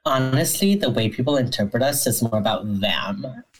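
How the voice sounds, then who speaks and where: A woman co-hosting a podcast, recapping a TV episode in casual, dry, deadpan chat. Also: a bass voice, moderate pace, music in the background, poor audio. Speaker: podcast co-host.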